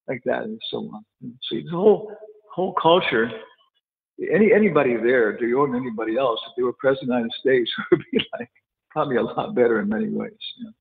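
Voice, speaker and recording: A man's voice: mid-range voice, gravelly. A man teaching a casual scripture class, chatty, with laughing asides and quotes acted out. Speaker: spiritual teacher. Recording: tinny phone-like echoey hall.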